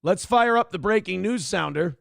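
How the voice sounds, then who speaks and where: Gravelly, chatty morning show host man. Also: sits high, lively intonation, normal speed. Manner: rambling, profane, opinionated. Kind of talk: casual livestream talk show.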